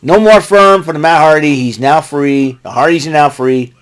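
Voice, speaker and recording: A man's voice: fairly high pitch, normal speed, clear, resonant tone. A man casually recapping a wrestling show, rambling with fillers and often breaking into laughter. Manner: watching a ball game while talking.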